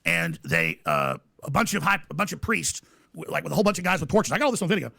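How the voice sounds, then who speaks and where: A man with a very gravelly, bright, husky voice races through a breathless story. He rambles and acts out the voices of other people. The sound is close and dry. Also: fairly high pitch, sing-song, quick pace, dry recording. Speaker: radio talk host telling a story. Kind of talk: fast excited storytelling.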